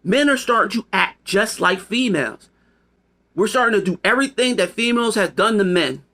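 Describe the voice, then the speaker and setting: A man's voice: high-pitched, expressive, moderate pace, sharp tone. A man delivering a rambling, profane opinion monologue to camera, emphatic and casual. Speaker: video commentator.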